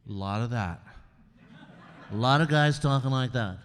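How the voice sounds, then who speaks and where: A male comedian as guest in a live on-stage conversation, talking candidly and wryly, often halting and restarting. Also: medium pitch, clear, resonant tone, big-room sound. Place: stage at an arts venue before an audience.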